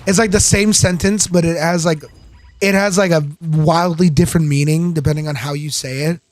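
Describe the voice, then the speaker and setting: A man's voice: fairly high pitch, steady tone, moderate pace, no echo. A man giving casual gameplay commentary, rambling, giggly and self-deprecating. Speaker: gaming channel host.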